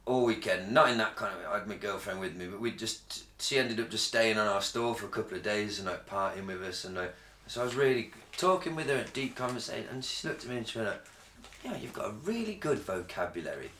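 A man's voice: on the low side, fast, few pauses, echoey room, a little hiss or hum. A man from England co-hosting a podcast in casual chat, sweary and rambling, telling stories with lots of energy. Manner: sweary, rambling, animated storytelling. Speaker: podcast co-host.

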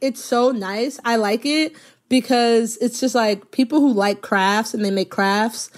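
A woman comedy writer chatting casually, telling stories in an animated way and acting out what people said. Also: on the high side, unhurried. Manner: animated storytelling, acts out quoted people. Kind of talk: casual chat.

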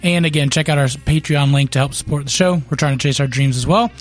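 A man co-hosting a casual podcast, upbeat and quick to laugh. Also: fairly high pitch. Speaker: podcast co-host.

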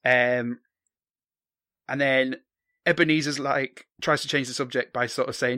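A man's voice: mid-range voice, steady tone, a little slow, pushed and bright, no echo, studio quality. A man casually recapping a film on a podcast, joking and swearing with many ums. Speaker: podcast co-host.

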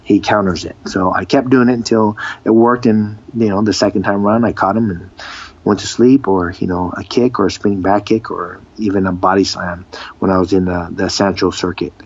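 A man, a fighter and actor, telling stories in a casual interview, animated and full of restarts. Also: deep voice, a little fast, breathy edge, highs cut off. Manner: animated, re-enacts dialogue, frequent restarts.

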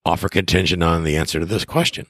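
A man's voice: deep voice, steady tone, fast, fairly bright tone, no room sound, clean studio sound. A middle-aged man hosting a podcast, giving casual advice in an enthusiastic, emphatic way and acting out conversations. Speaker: real estate investor and podcast host.

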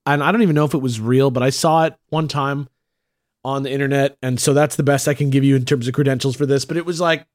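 A man's voice: mid-range voice, fairly even intonation, fast, darkish tone. A man co-hosting a podcast in casual chat, rambling and repeating himself with lots of fillers.

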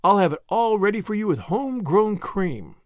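Man voicing wistful romantic lady, middle-aged, sighing, dramatic, high lively voice. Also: normal speed, no room sound, clean studio sound. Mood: delighted. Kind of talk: audiobook character reading.

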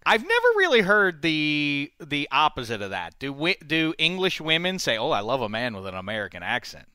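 Teasing host, a man with a bright, lively delivery in dry close-mic chat. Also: fairly high pitch, a little fast, smooth, no room sound. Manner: playful, teasing, animated. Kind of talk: casual chat.

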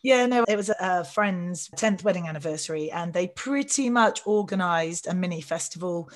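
A woman with a New Zealand accent co-hosting a podcast, laid-back and slangy, her voice husky after a weekend away. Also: lowish voice, animated, moderate pace. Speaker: podcast co-host. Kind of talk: casual chat.

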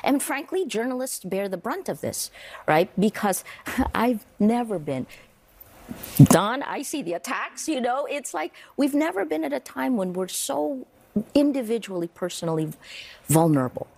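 A woman's voice: on the high side, very animated, moderate pace, vocal fry, darkish tone, a little hiss or hum. A woman journalist speaking on a panel, earnest and urgent, stressing single words. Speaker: journalist guest. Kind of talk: panel discussion.

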